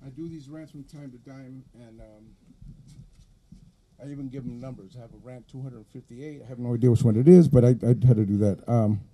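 A middle-aged man with an East Los Angeles Chicano accent, a poet at a live reading who speaks softly between poems and declaims his verse in strong rhythm. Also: medium pitch. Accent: East Los Angeles Chicano English. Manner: soft and halting when chatting, rising to forceful rhythmic declaiming in the poem.

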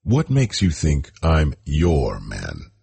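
A blunt alien farmer answers every question with dry, flat calm. His voice is very deep and gravelly, slow and unhurried, as a man reads him aloud. The tone is dark and husky, with audiobook narration around it. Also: heavily acted. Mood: deadpan.

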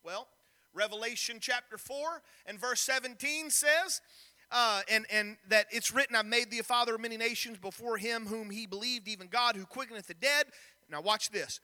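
A man's voice: very high-pitched, brisk, sharp tone, big-room sound. A man preaching a sermon in a church, reading scripture and questioning the congregation directly. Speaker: pastor. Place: church sanctuary.

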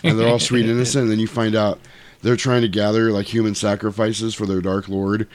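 A man's voice: lowish voice, a little fast, no echo. A man casually retelling a cartoon with crude, profane humor. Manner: profane, animated, lots of voices.

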